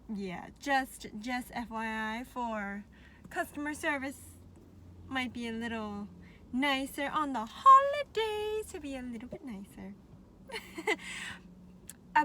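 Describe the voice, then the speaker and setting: A high-pitched woman talks casually to her viewers in a chatty, animated way. She laughs often and sounds a little out of breath, with faint noise in the background. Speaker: vlogger. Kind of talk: casual talk to camera.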